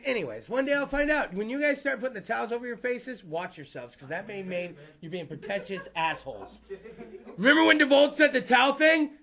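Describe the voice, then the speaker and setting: A man's voice: high-pitched, gravelly, bright, forceful tone. A man hosting a podcast, telling rambling comic stories full of profanity and frequent laughter. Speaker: podcast host. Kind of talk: comedic storytelling monologue.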